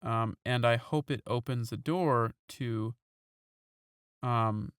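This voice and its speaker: A man's voice: medium pitch, slow, clean tone, dry recording. Man, podcast co-host, teasing, playful, dry close sound. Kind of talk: casual podcast banter.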